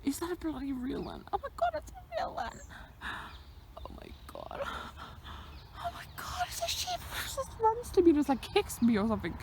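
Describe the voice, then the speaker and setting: A woman films herself out on a hillside and talks nervously to her camera, sometimes whispering and sometimes blurting out loud. Her pitch jumps around a lot. Faint outdoor noise sits under the voice. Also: huge pitch swings, quick pace, gravelly, hardly any pauses. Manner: nervous, chatty, switching between whispers and exclamations. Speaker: vlogger. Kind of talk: casual vlog narration while hiking. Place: outdoors on a hillside near fenced fields.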